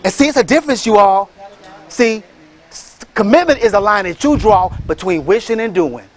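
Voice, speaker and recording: This high-voiced man is a motivational speaker and franchise entrepreneur giving a motivational speech. Expressive and at a moderate pace, he preaches like a minister, rallying the crowd with call-and-response and sudden shouted bursts.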